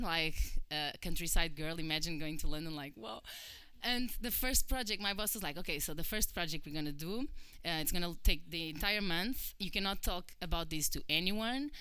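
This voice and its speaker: A woman's voice: on the low side, fairly quick, clear, resonant tone, no echo. A woman in her thirties from Portugal with a Portuguese accent, giving a chatty conference talk and acting out quoted voices. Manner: chatty, animated, acts out quoted voices, many fillers. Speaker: conference speaker. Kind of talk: personal talk to an audience.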